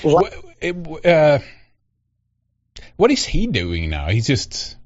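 A man's voice: fairly high pitch, wildly swooping pitch, takes it slowly, darkish tone. A man hosting a podcast in a casual, rambling, sarcastic way, often laughing. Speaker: podcast host. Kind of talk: casual opinionated chat. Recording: dull lo-fi podcast audio.

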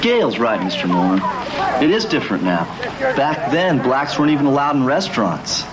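A man's voice: mid-range voice, sing-song, moderate pace, lightly acted. A man playing an earnest young man in an old TV drama. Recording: dull old TV clip with loud crowd.

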